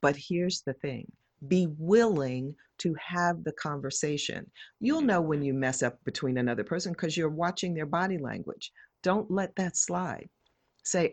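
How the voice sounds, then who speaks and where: A woman's voice: sits low, expressive, measured pace, no echo. A woman who works as a diversity educator, speaking as a guest and explaining in a direct, emphatic, coaching way. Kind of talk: conversational explaining.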